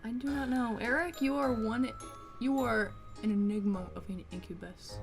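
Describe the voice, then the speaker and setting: A woman's voice: on the high side, normal speed, faint music behind. Playful woman reading a romance game. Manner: joking, swearing, playful. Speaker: game player and reader. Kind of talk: casual let's-play, reading a visual novel aloud.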